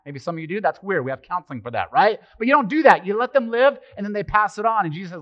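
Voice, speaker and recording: A middle-aged man preaching a casual, conversational sermon as pastor, animated and joking, throwing rhetorical questions at the congregation. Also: high voice, fast, hardly any pauses. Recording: slightly muffled, dry sermon recording.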